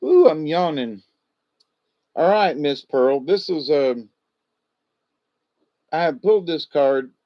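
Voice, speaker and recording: Drawling in a folksy way and chuckling often, a man with a mid-range voice gives casual spiritual animal card readings. The audio sounds dull and lo-fi.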